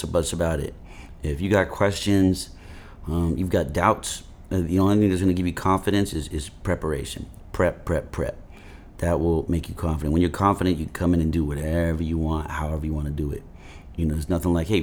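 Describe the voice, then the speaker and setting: Man, deep voice, actor guest, casual rambling interview talk, animated storyteller. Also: a little hiss or hum. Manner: rambling, heavy use of "you know" fillers.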